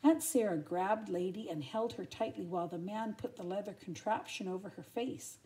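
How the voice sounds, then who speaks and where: An older grandmother reading a children's storybook aloud in a gentle, expressive way, adding little asides for her listeners. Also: mid-range voice, moderate pace.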